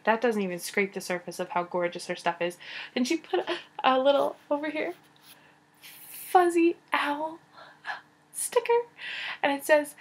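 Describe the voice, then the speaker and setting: A young woman vlogging in casual chat, gushing and excited, with many fillers and restarts. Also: on the high side.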